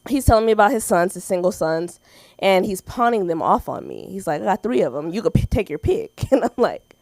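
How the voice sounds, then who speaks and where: A woman's voice: mid-range voice, fairly quick, vocal fry, no room sound. A woman with an American accent doing a stand-up set at an open mic, telling stories and acting out the people in them. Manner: animated storytelling with acted-out quotes and laughs. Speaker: stand-up comedian.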